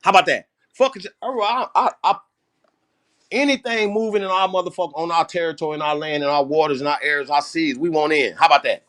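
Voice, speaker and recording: A man's voice: a little high, brisk, a bit bright. A man hosting a livestream, talking bluntly and emphatically, with a lot of swearing. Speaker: host. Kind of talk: livestream political talk.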